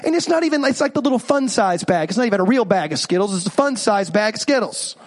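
Talking quickly in a high voice, a pastor in his thirties animates his sermon with jokes and stories while quizzing the congregation.

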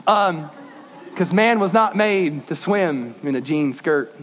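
A man preaching a sermon, animated and folksy, shifting his pace suddenly. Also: on the high side, takes it slowly, slight background noise. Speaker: pastor. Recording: dull lo-fi sound.

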